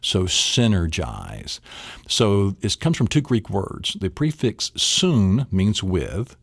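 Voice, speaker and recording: A man's voice: low-pitched, very animated, slow pace, vocal fry, slightly rough, no room sound, studio quality. A middle-aged man teaching a memory technique, playful and acting out little scenes along the way. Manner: playful, acts out little scenes in silly voices. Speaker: memory trainer.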